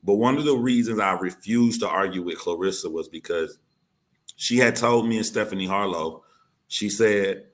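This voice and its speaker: A man's voice: lowish voice, moderate pace. A man telling a heated personal story in a blunt, profane way, acting out what other people said and repeating his key points. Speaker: YouTuber telling his side of a dispute.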